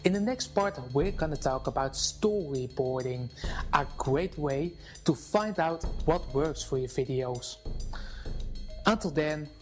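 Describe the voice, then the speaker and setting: A man giving instructional talk to camera on presentation skills, expressive and deliberate, switching between loud and soft. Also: a little high, faint music behind.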